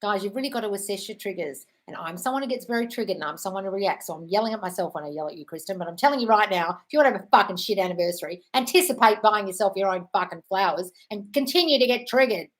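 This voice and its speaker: A woman hosts an easygoing live Q&A from home with a dog nearby, her mid-range voice animated despite the poor audio. She reads and answers viewer questions at a fast clip, blunt and freely sweary.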